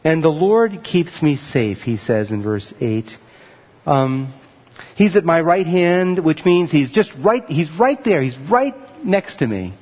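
A man preaching in a church sanctuary, his slightly high voice carrying a long reverb. The sound is a bit muffled, and he talks earnestly with frequent fillers and restarts. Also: sing-song, slow, slightly rough. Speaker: pastor. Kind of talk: sermon.

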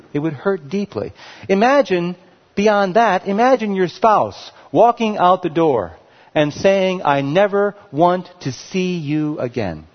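A male pastor delivers a passionate sermon in a fairly high voice that swings widely, climbing to loud, emphatic peaks before sinking to hushed low lines. The recording rings with the long reverb of a large hall and has a dull, lo-fi sound. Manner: passionate, swells loud on key words then drops low.

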